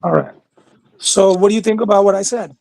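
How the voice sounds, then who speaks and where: A man as a guest on a casual livestream, speaking in a measured, hesitant way with frequent ums. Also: high voice, vocal fry, a little mellow.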